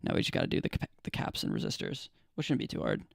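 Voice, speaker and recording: A man's voice: very deep voice, wildly swooping pitch, fast, vocal fry, dry recording, studio quality. A young American man chatting casually with viewers on his live stream, laid-back and rambling, with lots of fillers and restarts. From United States. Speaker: livestreamer.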